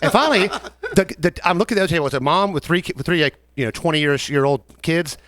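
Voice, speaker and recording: A man's voice: on the high side, rapid-fire, no room sound. A young man with a Southern American accent, co-hosting a casual chat and telling a story from his bartending job, acting out the customers. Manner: animated, acts out customers in quoted voices. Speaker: podcast co-host, bartender.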